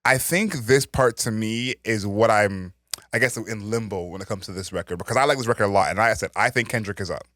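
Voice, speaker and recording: Low-voiced man musing thoughtfully. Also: quick pace, fairly bright tone, no echo, clean studio sound. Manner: thoughtful, weighs points with restarts and hedges. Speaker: podcast co-host. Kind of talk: casual chat.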